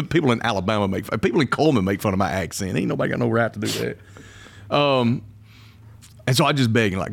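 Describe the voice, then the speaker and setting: A middle-aged man, a pastor telling his story in a casual interview, folksy and quick to laugh. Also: mid-range voice, expressive, gravelly. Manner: folksy, laughs often, quotes himself.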